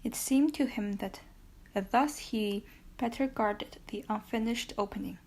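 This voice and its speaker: Woman audiobook reader, slightly high voice, steady narration. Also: unhurried. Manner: steady narration with occasional self-corrections. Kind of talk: reading a classic novel aloud.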